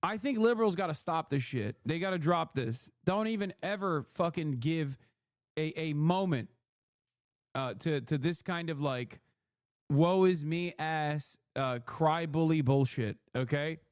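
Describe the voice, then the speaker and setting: A high-voiced man ranting on a live stream, profane and mocking. His voice sits close and dry on the mic, with no room around it. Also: unhurried, dry recording.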